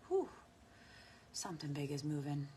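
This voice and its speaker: Woman, guided tapping meditation, soft and unhurried, deep breaths and sighs, lowish pitch. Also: slight background noise.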